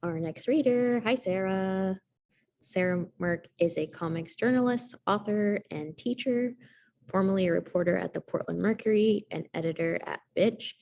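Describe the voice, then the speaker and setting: A woman's voice: mid-range voice, normal speed, creaky, darkish tone, slight background noise. A woman hosting a literary reading, introducing the next author from a prepared bio. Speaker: event host. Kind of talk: introducing a reader.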